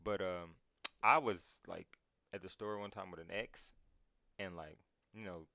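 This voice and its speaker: A man's voice: low-pitched, fairly even intonation, gravelly, bright, forceful tone, dry recording. A man co-hosting a podcast, chatting casually and agreeing readily with his co-host. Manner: supportive, quick to agree. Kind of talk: casual chat.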